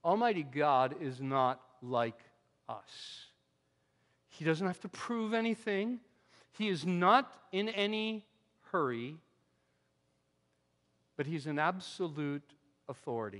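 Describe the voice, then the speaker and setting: A man with a high voice delivers a lively, conversational sermon, punching some phrases loudly and dropping others to near-murmurs. The sound carries a long reverb, as if from a church sanctuary. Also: a little slow, pauses often. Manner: animated, conversational preaching with sudden drops to quiet asides. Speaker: pastor.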